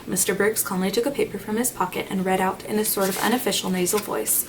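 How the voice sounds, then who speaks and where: A woman narrating a classic novel in a measured, expressive reading voice. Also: medium pitch. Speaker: audiobook narrator. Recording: slightly distant mic, faint noise.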